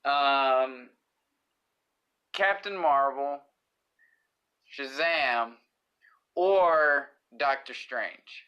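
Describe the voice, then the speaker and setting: A man's voice: medium pitch, very slow, pauses often, lo-fi sound. A man co-hosting a casual comedy podcast, joking loosely and swearing freely. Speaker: podcast co-host.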